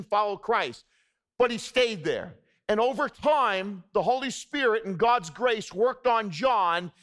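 A man's voice: high-pitched, a bit bright. A man preaching a sermon to a congregation, talking in a casual, conversational way and checking in with "okay?" asides. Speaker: pastor.

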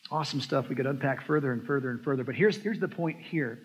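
A man's voice: medium pitch, husky. Emphatic male pastor in an echoey hall. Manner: emphatic, swings between loud and soft, slows on key phrases. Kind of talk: sermon. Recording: echoey hall with long reverb.

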